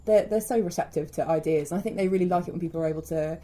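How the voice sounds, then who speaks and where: A woman from Wales with a Welsh accent, a larp organiser talking in casual chat, chatty and quick to laugh. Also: on the low side, dark tone.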